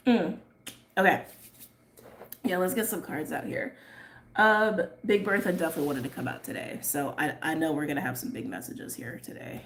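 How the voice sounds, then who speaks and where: A woman reading tarot and chatting casually on a livestream, rambling and laughing often, her voice a little hoarse. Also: low voice, lively intonation, moderate pace, a little hiss or hum. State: slightly hoarse. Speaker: tarot reader.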